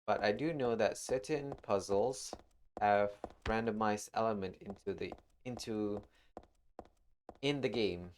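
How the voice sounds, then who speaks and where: A man's voice: on the low side, a little hiss or hum. A man streaming a horror game live, talking through the play and reading in-game documents aloud. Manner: reads in-game text aloud, unhurried. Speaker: gaming streamer. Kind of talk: live-streamed gameplay commentary.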